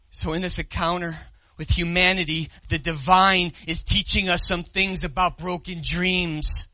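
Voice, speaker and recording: A man preaching a sermon, swinging from loud declarations to soft, intimate appeals to the listeners. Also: high voice, fairly even intonation, takes it slowly, no echo. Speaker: pastor.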